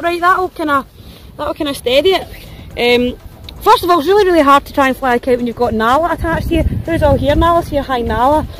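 A woman's voice: sits high, slight background noise, poor audio. A woman vlogging casually while out walking her dogs, chatty and self-mocking, laughing often, recorded on a phone outdoors. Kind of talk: casual outdoor vlog chat. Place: windy open hillside outdoors.

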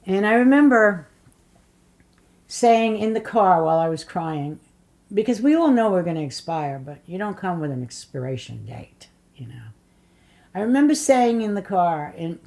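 A woman's voice: deep voice, darkish tone. An older woman in an oral history interview, telling blunt, funny stories and acting out what people said. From Polish immigrant family. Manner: blunt storyteller, acts out voices and curses.

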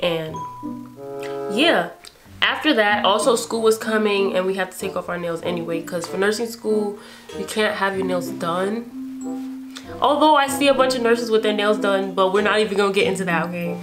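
A woman's voice: mid-range voice, moderate pace. A young woman in her twenties from New York, casually telling a story and animatedly acting out her own reactions, with music playing behind her. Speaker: beauty vlogger.

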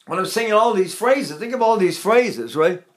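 An older man, a voice teacher, giving a vocal technique lesson in a rambling, digressive way and pausing to sing demonstrations. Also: high-pitched, lively intonation. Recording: echoey room.

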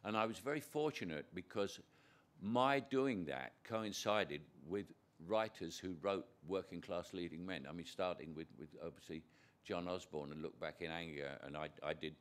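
A man's voice: deep voice, normal speed. An older man from Britain, a guest actor in an on-stage conversation before an audience, telling rambling anecdotes with chuckles and frequent restarts.

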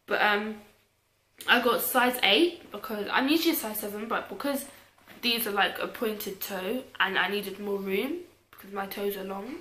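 A woman's voice: mid-range voice, normal speed, sharp tone. Chatty young British woman, echoey room. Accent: British English. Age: young adult. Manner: chatty, self-mocking, trailing off into mutters. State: tired. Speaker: YouTuber. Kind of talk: casual clothing haul.

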